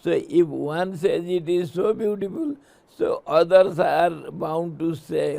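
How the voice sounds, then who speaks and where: Slow, gravelly man teaching. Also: fairly high pitch. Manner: laughs often, slow, animated. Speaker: spiritual teacher. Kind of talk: scripture discourse with storytelling.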